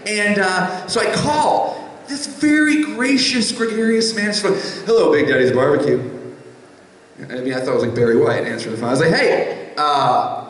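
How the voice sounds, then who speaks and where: A man telling a personal story live on stage, animated and rambling, with a self-mocking streak. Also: high-pitched, fairly quick. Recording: echoey live hall.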